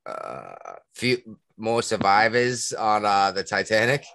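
A man with a Massachusetts accent co-hosting a podcast in casual chat, talking in an animated way that jumps high when he gets worked up. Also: slow, no echo, studio quality. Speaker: podcast co-host.

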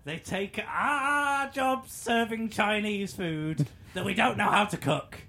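A man doing a creaky cranky old woman. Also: high-pitched, slow, pushed and bright, pitched above the performer's own voice, exaggerated voice. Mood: grumbling. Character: cranky bigoted little old woman, hobbling. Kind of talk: improvised comedy bit on a radio show.

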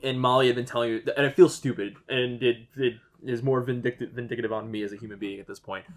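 A man's voice: mid-range voice, little pitch movement, fast. A man in his thirties co-hosting a podcast, ranting about a movie in casual, profane chat full of "like". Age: 30s. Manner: ranting, profane, heavy use of "like". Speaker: podcast co-host.

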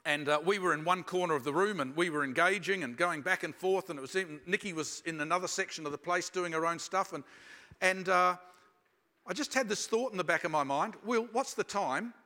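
A man preaching a sermon, telling personal stories in a reflective manner and slowing down for emphasis. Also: sits high, sharp tone. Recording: long reverb of a large hall.

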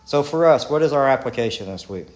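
A man's voice: medium pitch, lively intonation, quick pace, echoey room, a little hiss or hum. A man with a Texan accent preaching a sermon as a pastor, earnest and conversational, repeating questions and restarting his sentences. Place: church sanctuary.

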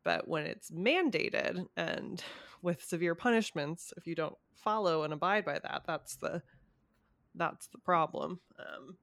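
A woman's voice: lowish voice, expressive, measured pace, vocal fry, a bit bright, dry recording. A young woman in a casual conversation about current events, hesitant with many ums and small laughs.

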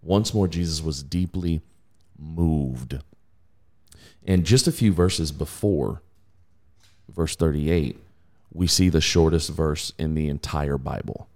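A man hosting a podcast, casually teaching from the Bible in an animated way, laughing and mimicking voices. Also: extremely low pitch, slow pace, pauses often.

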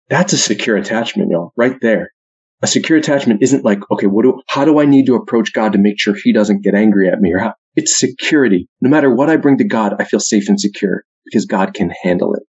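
A man, talking casually about faith, full of "like" and "right?", loud when he acts out quotes. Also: fairly low pitch, animated, a little fast, husky. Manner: conversational, says "like" and "right?" a lot, acts out quotes loudly. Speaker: speaker. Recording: muffled lo-fi recording.

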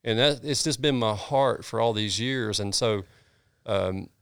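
Middle-aged Southern man, pastor guest, folksy storyteller, smooth and clear. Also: mid-range voice, measured pace, dry recording, clean studio sound. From North Georgia, US. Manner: earnest, animated storyteller with folksy sayings. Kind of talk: casual storytelling interview.

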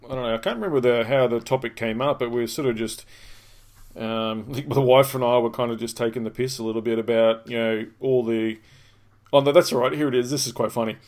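Man, mid-pitched, loose and rambling, swears casually, chatty co-host. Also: steady tone, a little fast, darkish tone. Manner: rambling, swears casually, laughs while telling stories. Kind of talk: casual podcast chat.

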